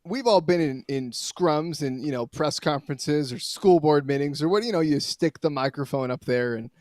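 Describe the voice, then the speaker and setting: Slightly high-voiced rambling male storyteller. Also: normal speed, no echo, clean studio sound. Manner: rambling, animated storyteller with many fillers and restarts. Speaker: sports reporter calling in as a guest. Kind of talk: casual sports talk, storytelling.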